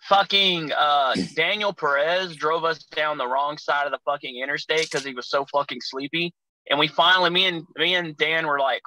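A man's voice: on the high side, a little fast, pushed and bright, no room sound, poor audio. A man telling rowdy, profane road stories as a guest on a casual podcast. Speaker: guest, pro wrestler.

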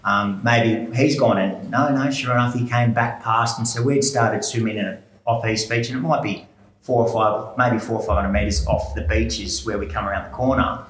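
A man telling a long story in casual chat, relaxed and anecdotal with plenty of fillers. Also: medium pitch, moderate pace, slight background noise. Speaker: ocean swimmer guest. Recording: roomy echo with faint background ambience.

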